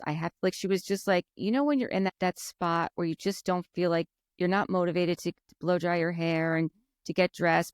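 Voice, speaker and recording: A woman co-hosting a podcast, chatting casually and recapping scenes with lively retold quotes. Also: on the low side, smooth, no room sound, clean studio sound. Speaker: podcast co-host. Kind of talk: casual chat.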